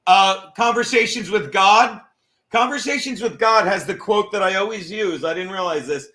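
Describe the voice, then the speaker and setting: A man hosting a comedy podcast, ranting casually in a profane, mocking, excitable way. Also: high-pitched, normal speed. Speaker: podcast host. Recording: roomy echo.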